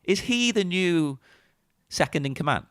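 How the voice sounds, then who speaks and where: A man's voice: high voice, animated, measured pace, dry recording, clean studio sound. A man co-hosting a podcast, talking about a film with wry, playful, mock-serious humor. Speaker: podcast co-host. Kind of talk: casual film chat.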